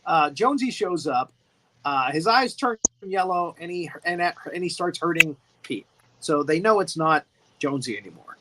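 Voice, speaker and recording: A man's voice: on the high side, expressive, moderate pace, background noise. A man hosting a casual movie discussion who rambles, repeats words and laughs often. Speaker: host.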